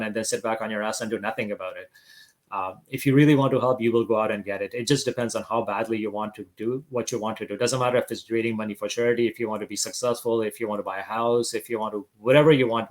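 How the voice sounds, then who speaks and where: A man with a fairly low voice speaks with earnest, motivational conviction, circling back and repeating phrases as he goes. He sounds middle-aged and comes through a video call. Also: rough recording. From Greater Vancouver area, Canada. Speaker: podcast guest, realtor. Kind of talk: casual interview talk.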